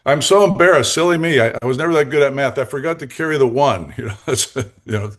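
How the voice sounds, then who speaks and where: An older man telling lively, jokey stories as a guest coach in an interview, laughing between lines. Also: mid-range voice, quick pace. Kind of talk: anecdotal storytelling in a podcast interview.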